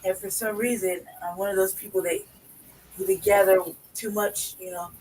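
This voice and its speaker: A sick woman in pain who keeps coughing, talking in a quiet, half-whispered, rambling way as a guest on a talk stream. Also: mid-range voice, steady tone, normal speed, slightly rough, far from the mic, poor audio.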